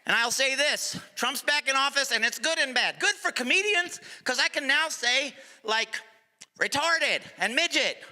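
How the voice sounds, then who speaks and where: A middle-aged male stand-up comedian performing a live set, sarcastic, sometimes dropping to a low mutter for asides. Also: animated, moderate pace, sharp tone. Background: audience laughter.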